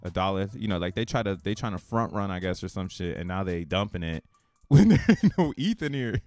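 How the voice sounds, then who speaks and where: Low-voiced, profane man streaming crypto talk. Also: a little fast, dry recording, soft background music. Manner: profane, excitable, slangy, thinking aloud. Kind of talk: casual live-stream commentary.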